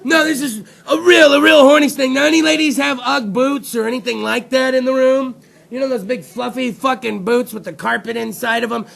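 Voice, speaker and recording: A man with a very high voice and a gravelly, frying edge hosts a talk show. He talks in a rowdy, profane comedic rant, swearing freely and breaking into loud outbursts. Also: steady tone, brisk.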